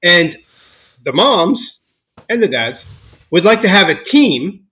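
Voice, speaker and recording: A man co-hosting a casual podcast about being a dad, venting in an animated way, with swearing and laughter. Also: high voice, slow pace, lo-fi sound. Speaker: podcast co-host. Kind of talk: casual chat.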